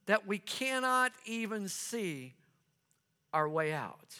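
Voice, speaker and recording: Slow, bright-voiced male preacher. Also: high-pitched, big pitch swings, clean tone. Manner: earnest storytelling, repeats phrases for emphasis. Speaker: pastor. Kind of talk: sermon. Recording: long reverb of a large hall.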